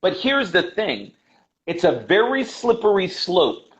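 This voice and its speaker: A man's voice: high-pitched, sing-song, a little slow. An American man, an English teacher being interviewed, talking passionately and emphatically, repeating his key points and calling the host brother. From United States. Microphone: video call. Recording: dull lo-fi video call audio.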